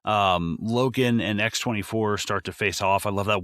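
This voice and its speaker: A man co-hosting a podcast, recapping a movie in casual chat, excitable and profane, with lots of fillers. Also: on the low side, normal speed, no room sound, clean studio sound. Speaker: podcast co-host.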